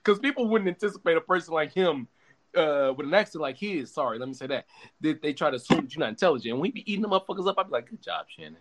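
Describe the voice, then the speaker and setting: A young man hosting a podcast in casual chat, talking in an animated, profane, emphatic way with many restarts. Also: on the high side, rapid-fire. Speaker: podcast host.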